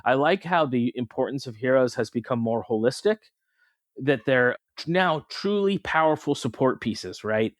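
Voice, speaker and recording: A man's voice: medium pitch, animated, moderate pace, no room sound. A man co-hosting a podcast, chatting about what he likes in a thoughtful, eager way. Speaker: podcast co-host. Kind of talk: casual chat.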